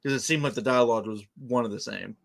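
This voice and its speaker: A man of middle pitch gives his view on a cartoon episode in a halting way. He restarts his sentences and leans on filler words as he works out his point. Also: creaky. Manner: hesitant, repeats words, many likes. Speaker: co-host reviewing an episode. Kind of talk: casual review chat.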